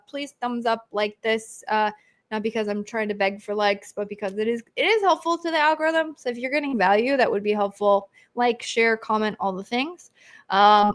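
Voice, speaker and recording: A woman hosting a live stream Q&A, talking in an animated, ranting way and acting out quoted reactions. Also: a little high. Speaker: host. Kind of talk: live stream Q&A, energetic rant. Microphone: own mic on live stream.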